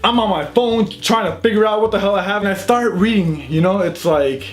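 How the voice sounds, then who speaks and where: A man with a high voice tells a comic personal story straight to his viewers. He is casual, animated and pokes fun at himself. Quiet music plays softly underneath. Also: fairly quick. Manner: animated, self-mocking storytelling. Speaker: YouTube channel host.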